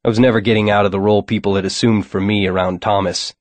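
Low-voiced wry first-person narrator. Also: male voice, fast, dry recording. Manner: wry, deadpan. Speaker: audiobook narrator.

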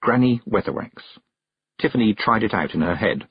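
A man narrating a fantasy novel aloud in a lively, expressive storytelling manner. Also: lowish voice, normal speed, breathy edge, no echo. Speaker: audiobook narrator. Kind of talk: scripted narration. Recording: dull, dry close recording.

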